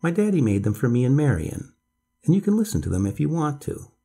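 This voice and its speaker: A man's voice: fairly high pitch, very animated, brisk, creaky, dark tone, breathy edge, voice pushed up, exaggerated voice. A man voicing a blunt, proud and impatient six-year-old girl in a storybook reading.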